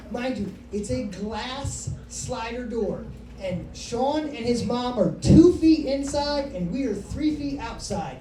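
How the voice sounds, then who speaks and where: A woman in her thirties tells a stand-up story with brash, profane swagger. Her tone is mellow and soft-edged. She is heard from a distance in a roomy comedy club, with a faint hum of the room behind her. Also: fairly high pitch. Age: 30s.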